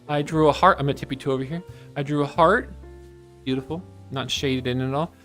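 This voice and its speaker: A man's voice: mid-range voice, a little fast, a bit bright, soft background music. A man streaming casually while he draws, chatting in a playful, rambling way and slipping into silly voices.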